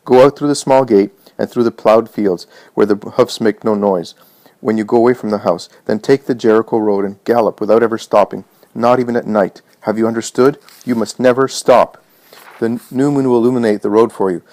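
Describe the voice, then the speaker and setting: Brief: man voicing a worried mistress of the house, quiet and urgent, low-pitched. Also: fairly even intonation, brisk, lightly acted. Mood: urgent hushed. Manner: hushed, urgent instructions. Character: Martha, anxious determined mistress of house.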